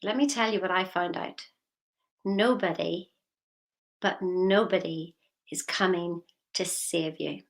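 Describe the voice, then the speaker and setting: A woman's voice: fairly low pitch, steady tone, slow pace, pauses often. A woman giving a motivational talk as a coach, firing repeated questions at the listener.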